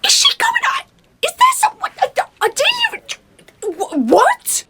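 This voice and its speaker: A woman voicing a shrill, excitable, gossipy female nursery worker in a comedy skit. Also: unhurried, background noise, heavily acted. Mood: baffled. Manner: squealing and excitable.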